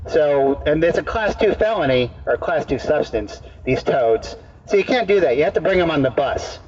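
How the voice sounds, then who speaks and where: Halting man telling a rambling story outdoors. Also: a little high, a loud crowd. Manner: halting, repeats words, deadpan absurd tale. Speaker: street comedian. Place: outdoor public park. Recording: dull distant outdoor recording.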